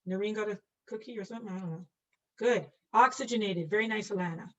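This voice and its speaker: A woman speaks fast in a mid-range voice as she teaches an online nursing class and draws. Playful and self-mocking, she jokes about her drawing and quizzes students by name, in distant, dull lo-fi audio.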